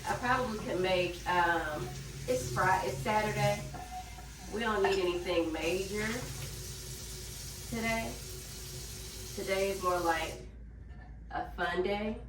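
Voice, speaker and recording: A woman's voice: medium pitch, slow pace, long pauses, noisy background. Chatty Southern woman, roomy and distant. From Memphis, Tennessee. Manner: chatty, rambling, talks to viewers while cleaning. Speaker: vlogger. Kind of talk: casual lifestyle vlog. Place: home kitchen. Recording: roomy, from off the mic.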